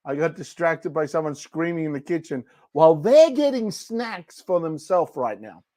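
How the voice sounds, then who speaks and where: A man's voice: a little high, expressive, moderate pace, hardly any pauses, warm tone, no room sound, clean studio sound. A man hosting a casual livestream product show, chatting playfully and joking between demos. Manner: playful, jokey, rambling. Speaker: livestream shopping host. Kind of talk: casual product demo chat.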